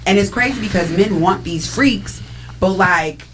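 A woman's voice: medium pitch, a little slow, fairly bright tone, slight background noise, poor audio. A woman co-hosting a frank casual chat, explaining her views earnestly in long runs.

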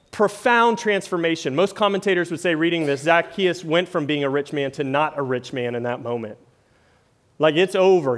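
A man preaching a sermon in a conversational way, often tagging lines with "right?" and "like". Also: on the high side. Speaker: pastor.

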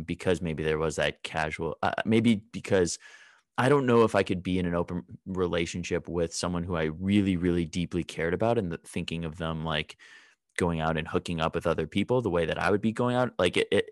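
A man's voice: sits low, a little fast, no room sound, clean studio sound. A man talking candidly in a casual podcast chat, rambling with fillers. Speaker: podcast guest.

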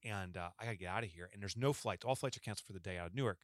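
A man's voice: deep voice, racing, no room sound, clean studio sound. A man co-hosting a podcast, telling a long story in casual chat and acting out the lines of the people in it. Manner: animated storyteller, acts out quoted lines. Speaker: podcast co-host.

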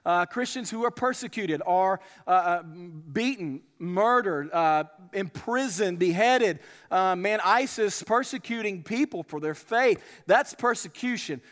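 Male pastor with a high voice, emphatic sermon delivery, recorded in a church with a long hall echo. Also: animated, unhurried, few pauses, a bit bright. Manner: earnest, emphatic preaching with frequent rhetorical questions.

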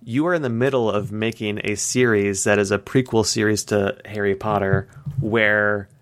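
A man's voice: fairly low pitch, fairly even intonation, normal speed, a bit bright, dry recording. A man co-hosting a podcast in casual chat, ranting heatedly with lots of swearing and "like" fillers. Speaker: podcast co-host.

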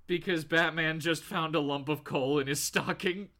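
A man's voice: a little high, steady tone, moderate pace, bright, forceful tone. A man co-hosting a casual podcast, animatedly retelling a comic and laughing often. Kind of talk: casual chat.

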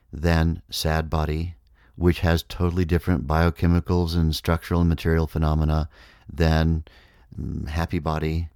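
A man giving a measured, reflective spiritual talk, explaining ideas step by step. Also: rumbling low, darkish tone, no room sound, studio quality. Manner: measured, explanatory, acts out inner voices. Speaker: speaker on consciousness.

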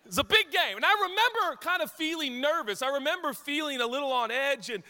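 A man's voice: extremely high pitch, a little fast, in a large hall. A man from Washington state preaching a sermon as a pastor, telling a self-deprecating story with jokes. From Washington state, USA. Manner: self-deprecating, joking, lively anecdotes. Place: church sanctuary.

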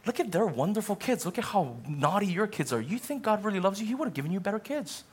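A man's voice: high-pitched, big pitch swings, quick pace, slightly rough, pitched above the performer's own voice, heavily acted. A man putting on a sneering, taunting devil. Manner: mocking, needling questions. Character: taunting male devil whispering lies.

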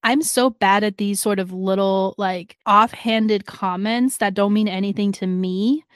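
A woman's voice: mid-range voice, steady tone, measured pace, clear, resonant tone, dry recording. A woman co-hosting a casual chat, recapping a drama and acting out the characters' lines. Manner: chatty, laughs often, acts out characters' lines. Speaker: podcast co-host recapping a drama.

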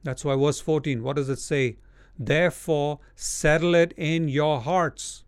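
Forceful preacher man, higher voice. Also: normal speed, clear, resonant tone, no echo, studio quality. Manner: forceful, repetitive exhortations, mocking whiny voices. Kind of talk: sermon.

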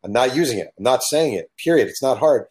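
A man's voice: mid-range voice, lively intonation, fast, a little mellow. A middle-aged man from California talking bluntly and with emphasis in a casual chat, telling stories from his working life.

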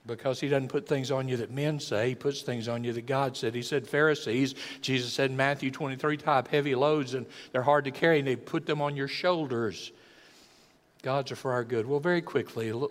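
An older man, preaching a folksy sermon that swells from quiet to loud and acts out voices. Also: medium pitch, fairly even intonation, fairly quick. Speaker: pastor. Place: church sanctuary. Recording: long church hall reverb.

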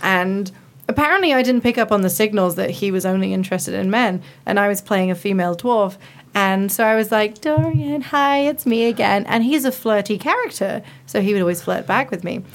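A woman's voice: mid-range voice, brisk. A young adult woman, a writer, chatting on a panel and acting out the lines she quotes. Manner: animated storyteller who acts out quotes. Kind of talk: casual panel chat.

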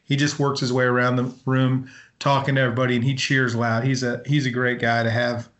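A man's voice: medium pitch, level tone, brisk, fairly bright tone. A man co-hosting a podcast in easygoing casual chat, often laughing. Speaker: podcast co-host.

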